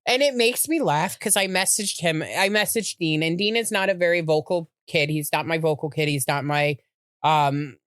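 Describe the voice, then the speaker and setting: A middle-aged woman who co-hosts a podcast shares a personal story, her delivery halting and heartfelt with frequent restarts. Her voice is low-pitched, and the recording is dry and studio-clean.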